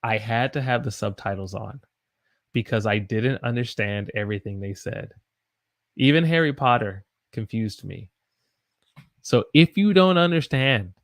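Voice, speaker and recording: A man's voice: mid-range voice, no echo, clean studio sound. A man from the Southern United States with a Southern accent, teaching English casually on a livestream, reading viewer comments and demonstrating how he talks. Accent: Southern American. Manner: chatty, reads viewer comments aloud, demonstrates pronunciation.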